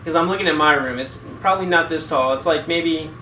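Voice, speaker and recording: A man's voice: a little high, fairly quick, sharp tone. A young male host casually explaining military terms, often ending with "right?", recorded in his echoey room. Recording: echoey room, distant mic, faint noise.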